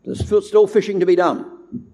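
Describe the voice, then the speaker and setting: A man's voice: high voice, steady tone, warm tone. Emphatic preacher, man. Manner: measured, emphatic delivery stressing key words. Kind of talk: sermon. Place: church.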